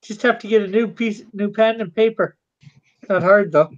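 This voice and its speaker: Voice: medium pitch, normal speed, dull audio. A speaker in casual livestream chat, bantering and teasing the artist.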